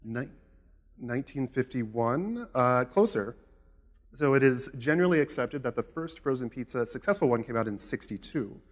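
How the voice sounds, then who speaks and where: A man giving a conference talk in a relaxed, conversational way with frequent "uh" fillers, recorded with a presenter mic in a conference hall. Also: mid-range voice, moderate pace. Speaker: conference speaker.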